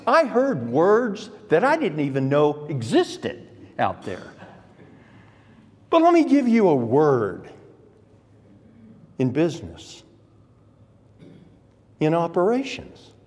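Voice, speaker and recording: Slow, emphatic preacher in a reverberant hall. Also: male voice, mid-range voice, darkish tone. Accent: Texan. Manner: emphatic, slow deliberate preaching with rising exclamations. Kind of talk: sermon. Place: church sanctuary.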